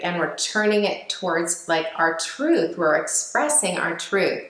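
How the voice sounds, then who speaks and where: A woman giving a reflective teaching talk, speaking gently with frequent fillers and restarts. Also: on the low side, lively intonation, measured pace, hardly any pauses, echoey room, rough recording. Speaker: speaker on emotional healing.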